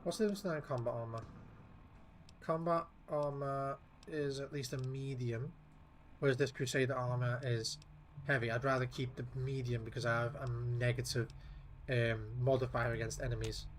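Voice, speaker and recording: A man's voice: mid-range voice, fairly even intonation, normal speed, a little hiss or hum. A man giving casual gameplay commentary, muttering to himself in an offhand and profane way. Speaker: gameplay streamer.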